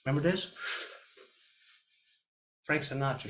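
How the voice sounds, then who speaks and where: Speaking slowly and pausing often, a middle-aged man leads a real estate class via video call. He's energetic and motivational, and he regularly acts out panicked clients in a higher voice.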